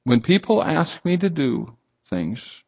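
A man's voice: a little high, very animated, slow pace, vocal fry, darkish tone, slightly rough, highs cut off. A man preaching a sermon, emphatic and rhetorical, reading scripture aloud and asking the congregation questions. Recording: long hall reverb.

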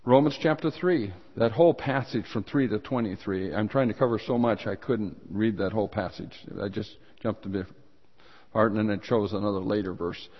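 A man's voice: fairly low pitch, normal speed. A man preaching a sermon as pastor, earnest and rising in emphasis when he reads scripture. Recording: dull sound with long hall reverb.

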